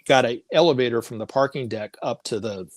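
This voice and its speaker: A man's voice: medium pitch, a little fast, no echo, studio quality. A middle-aged man, a guest on a talk show, telling a personal story in a casual, rambling way, often restarting and acting out what people said. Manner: rambling, with frequent restarts and quoted dialogue.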